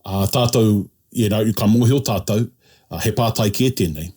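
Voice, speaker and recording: A man's voice: on the low side, a little fast, a little mellow, breathy edge. A man tutoring a language lesson, explaining patiently step by step and checking in often.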